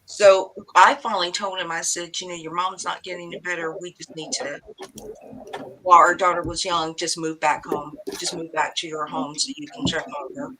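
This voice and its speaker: A woman from Hawaii telling stories in a casual group chat, chatty and quick to laugh. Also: fairly low pitch, fairly even intonation, background noise. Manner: chatty storyteller, laughs often. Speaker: livestream co-host.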